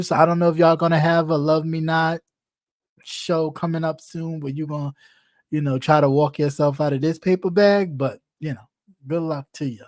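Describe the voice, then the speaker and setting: Brief: gossip commentator, middle-pitched, blunt and cussing, teasing tone, close dry mic. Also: fairly even intonation, moderate pace, a little mellow, no echo. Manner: blunt, profane and teasing, laughs often. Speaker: online commentator.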